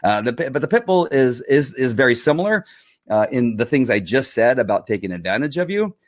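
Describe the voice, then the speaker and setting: A man's voice: medium pitch, sing-song, a little fast, dry recording, clean studio sound. A middle-aged man, a dog trainer, talking earnestly and a bit rambling on a live stream, answering viewer comments.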